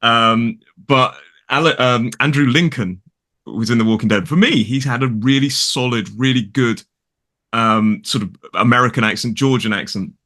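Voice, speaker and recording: Chatting casually at normal speed, a middle-aged English teacher guest with a British accent, from the UK, rambles from topic to topic full of fillers and restarts. His pitch is ordinary, though the voice carries a bright, forward quality.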